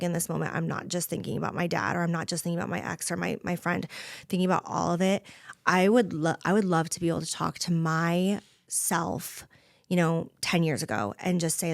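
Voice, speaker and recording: A woman in her thirties talks openly and from the heart as a podcast guest. Her voice sits low. The sound is dry and close, with no room around it. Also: creaky, dry recording. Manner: earnest, heartfelt, repeats "you know" and "like". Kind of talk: candid personal conversation. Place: podcast studio.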